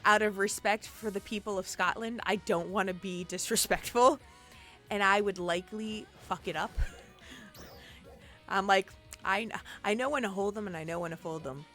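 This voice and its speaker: A woman's voice: mid-range voice, moderate pace, a bit bright. A woman streamer chatting casually and exclaiming often as she plays an online game, with faint game music behind. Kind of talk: casual gameplay commentary.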